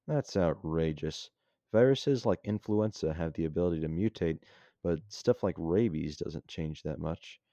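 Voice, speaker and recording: A man reading as a grumpy, skeptical young soldier who brushes off every theory. The voice is deep and mellow, recorded dry and a little muffled. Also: a little slow, no echo. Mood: dismissive.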